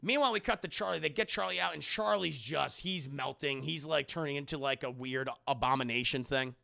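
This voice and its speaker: A young man casually recapping a film scene by scene for a live chat, animated and profane, often acting out the characters in silly voices. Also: fairly high pitch, brisk, creaky.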